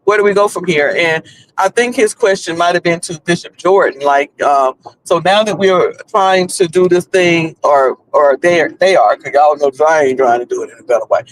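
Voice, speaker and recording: Chatting casually on a livestream as he drives, a man with a North Carolina Southern accent rambles and keeps restarting. His pitch is fairly high and his speed normal, and the poor audio carries a little hiss or hum.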